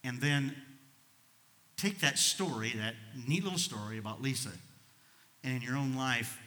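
An emotional male pastor preaching to his congregation, his bright, piercing voice ringing through a church hall with a long reverb. He drops into soft, hushed storytelling, then rises into loud, fervent exhortation. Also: mid-range voice, fast talker. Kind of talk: sermon. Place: church sanctuary.

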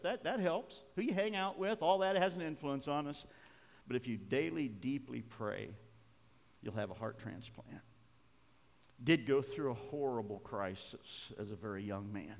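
Older male pastor, heartfelt storytelling sermon, echoing sanctuary. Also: mid-range voice. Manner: personal storytelling, emotional, with soft laughs. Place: church sanctuary. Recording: reverberant church hall.

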